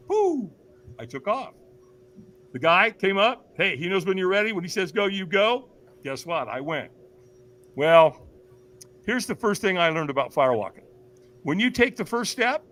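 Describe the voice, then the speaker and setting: A man guest on a talk show tells a story in a lively, animated way. His voice is bright and sits a little high for a man, and it swings widely as he acts out the people in the story. He keeps talking to the listeners directly and throws them rhetorical questions. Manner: acts out voices of others with big pitch jumps, laughs often; addresses listeners as "you guys", asks rhetorical questions. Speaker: podcast guest, firewalk instructor.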